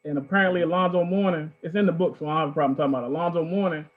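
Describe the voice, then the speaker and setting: A man's voice: a little high, racing. A man from Baltimore hosting a casual talk, telling stories with animation and acting out the people in them. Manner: animated, acts out quoted people. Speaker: host. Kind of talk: casual storytelling. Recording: tinny phone-like line.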